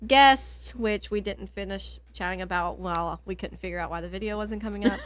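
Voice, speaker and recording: A woman co-hosting a casual book podcast from her basement, chatty and giggly, quick to get teary. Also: mid-range voice. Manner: giggly, chatty, easily moved to tears. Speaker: podcast co-host. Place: home basement.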